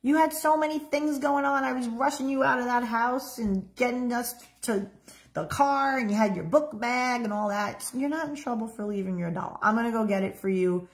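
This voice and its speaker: Woman as a tender mother at the bedside, soft and reassuring, a touch higher than usual. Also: animated, takes it slowly. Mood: soothing. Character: gentle, nurturing mother comforting her child.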